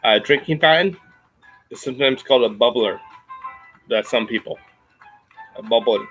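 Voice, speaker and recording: A man with a Midwestern American accent, explaining things in a casual chat, halting with many ums and restarts. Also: mid-range voice, a bit bright, highs cut off, soft background music. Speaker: podcast host.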